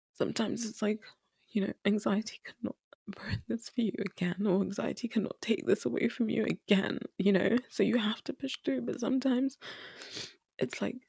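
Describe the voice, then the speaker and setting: A woman's voice: medium pitch, creaky, a little mellow, slightly rough, no room sound. A young woman hosting a podcast, talking candidly and earnestly about confidence and anxiety, repeating herself for emphasis and close to tears at times. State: tearful at times. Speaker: podcast host. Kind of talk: candid solo podcast talk.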